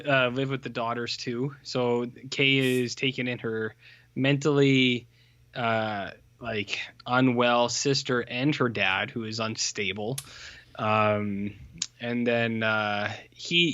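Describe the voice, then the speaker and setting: A man co-hosts a podcast, rambling through a film review with plenty of fillers and jokey put-on voices. His voice is mid-pitched, and the recording is dry and a little muffled. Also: no room sound. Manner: rambling, animated, full of fillers, mocks characters in put-on voices. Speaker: podcast co-host. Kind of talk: casual film review chat.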